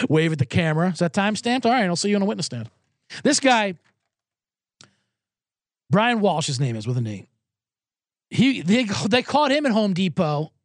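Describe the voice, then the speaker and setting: A man's voice: high-pitched, no echo, clean studio sound. A man hosting a comedy podcast, rambling through a self-deprecating monologue. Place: Los Angeles.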